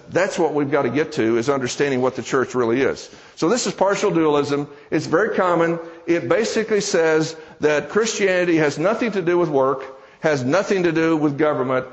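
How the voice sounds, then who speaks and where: A man's voice: fairly high pitch, in a large hall, highs cut off. A man preaching a sermon in church, telling a story with conversational, joking asides to the congregation. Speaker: preacher and seminar teacher.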